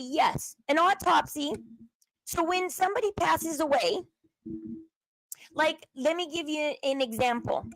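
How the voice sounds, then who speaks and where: A high-pitched woman talks in a loose, rambling commentary style, hopping between stories and searches on her computer. The sound is dry and close, with no room around her voice. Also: dry recording. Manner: chatty and rambling, acts out quoted people. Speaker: commentary channel host. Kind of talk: casual commentary while browsing on screen.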